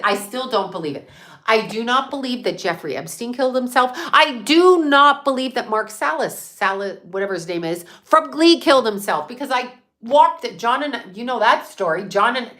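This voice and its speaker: A psychic medium rants defiantly on her livestream channel, swearing and repeating herself for emphasis. Her voice is on the high side and a bit bright, with a roomy sound.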